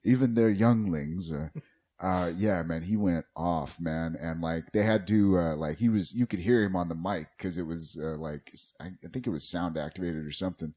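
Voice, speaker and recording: A man's voice: deep voice, normal speed, dark tone. A man hosting a podcast, telling a long story in a rambling, profane, casual way. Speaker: podcast host.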